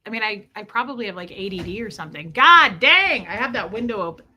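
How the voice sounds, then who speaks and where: A woman's voice: mid-range voice, expressive, fast, sharp tone. A woman chatting casually on a livestream, rambling from story to story and greeting viewers by name.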